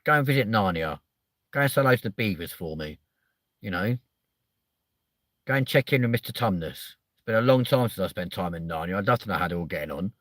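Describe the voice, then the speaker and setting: Male comedy host, crude rambling banter, bright voice, dry close sound. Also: deep voice, lively intonation, brisk, no echo. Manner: crude, rambling, swearing constantly. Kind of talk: casual comedic chat.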